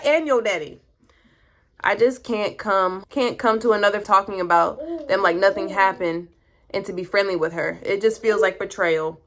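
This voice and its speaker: A woman vlogger reading an online post aloud and reacting with animated, profane outbursts while doing her makeup. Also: medium pitch. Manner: animated, swearing, loud outbursts and exclamations.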